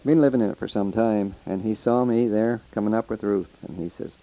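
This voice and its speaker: Old guy with a low gravelly voice, dark and mellow, spinning rambling folksy yarns on a home tape. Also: fairly quick, few pauses, dull audio. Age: older. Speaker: storyteller recording a taped letter. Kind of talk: casual spoken reminiscence.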